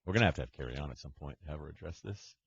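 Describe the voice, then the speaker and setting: A man's voice: extremely low pitch, animated, racing, gravelly, slightly rough. A man co-hosting a sports radio show, telling stories in dry, casual banter. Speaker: co-host. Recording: slightly muffled with faint noise.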